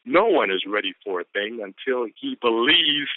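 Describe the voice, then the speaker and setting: A man's voice: medium pitch, expressive, moderate pace, no room sound. A man giving an exuberant, repetitive motivational pep talk on a business conference call, whooping often. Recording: tinny phone line.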